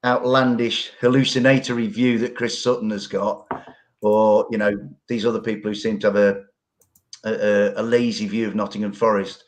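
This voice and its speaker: A man talking football as a podcast guest, earnest and rambling, with colourful phrasing. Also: on the low side. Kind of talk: casual football podcast chat.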